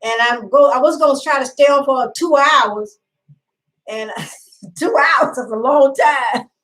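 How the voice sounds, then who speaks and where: A woman's voice: sits high, unhurried, fairly bright tone, rough recording. A middle-aged woman hosting a casual home live stream, rambling and chatty, greeting viewers by name and laughing often. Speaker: livestream host.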